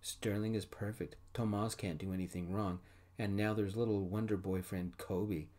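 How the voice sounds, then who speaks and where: A man softly voicing a resentful, slurring drunk male bandmate in an audio story. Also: sits low, moderate pace. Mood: bitter. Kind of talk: soft-spoken ASMR storytelling.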